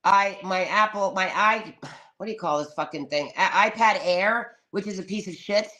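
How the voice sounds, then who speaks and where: A woman's voice: medium pitch, normal speed, bright, forceful tone. A woman hosting a casual live stream, dramatic and swearing freely, calling everyone darling.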